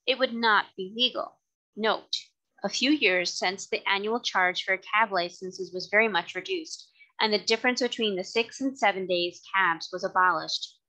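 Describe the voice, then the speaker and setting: A woman tutor reading a classic novel aloud with clear, measured delivery. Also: medium pitch, bright, forceful tone, poor audio.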